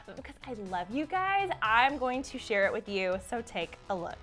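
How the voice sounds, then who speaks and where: A young woman from the American South co-hosts a celebrity news show in a high voice. She is playful and upbeat and laughs easily. Faint music sits behind her. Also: sing-song, normal speed, a bit bright. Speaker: entertainment news co-host. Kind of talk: casual celebrity news chat.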